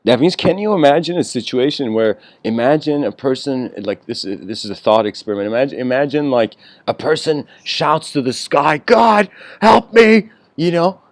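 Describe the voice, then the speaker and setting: A man giving a casual, rambling spiritual lecture, clearing his throat often and laughing between thoughts. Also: mid-range voice, lively intonation, moderate pace, hardly any pauses, no echo.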